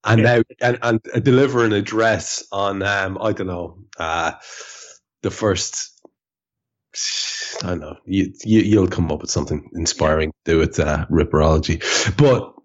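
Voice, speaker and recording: A man's voice: low voice, normal speed, lo-fi sound. A man hosting a casual football podcast, telling stories and steering the talk. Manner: storytelling, steers the conversation. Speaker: podcast host.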